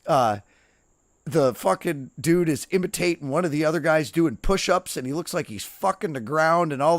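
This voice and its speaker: A man's voice: a little high, no echo, clean studio sound. Profane man telling boot camp stories. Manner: profane, animated anecdotes with quoted dialogue. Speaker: streamer. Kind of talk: casual storytelling while gaming.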